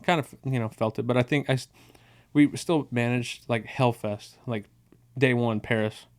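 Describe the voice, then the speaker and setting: A man's voice: mid-range voice, steady tone, moderate pace. A young man co-hosting a podcast in casual chat, laid-back and rambling, swearing freely as he recounts things. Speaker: podcast co-host.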